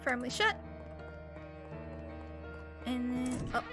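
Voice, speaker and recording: A woman's voice: sits high, animated, drawn-out words, bright, forceful tone. A young adult woman streaming a game, chatting bubbly with her viewers as she plays. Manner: chatty, bubbly, talks to chat while playing. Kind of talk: casual game commentary. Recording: faint game music behind.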